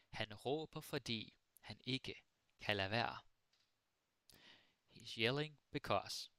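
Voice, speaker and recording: Male Danish tutor, easygoing and jokey; low, gravelly, bright-edged voice; close, dry mic. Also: no echo. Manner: relaxed, playful, mixing Danish and English with jokey examples. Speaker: Danish language teacher. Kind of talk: casual live-stream language lesson. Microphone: close microphone.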